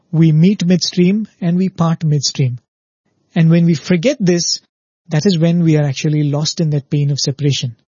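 A man's voice: on the high side, mellow, slightly rough, dry recording, highs cut off. A man giving a spiritual talk who tells a parable, explains at length and often checks in with listeners by asking "right?". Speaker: spiritual speaker.

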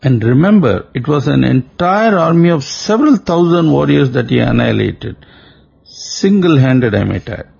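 A man's voice: mid-range voice, expressive, vocal fry, a little mellow, slightly rough, lo-fi sound, full character voice. A man reading a stern, defiant captive princess. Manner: stern, measured, slow warnings.

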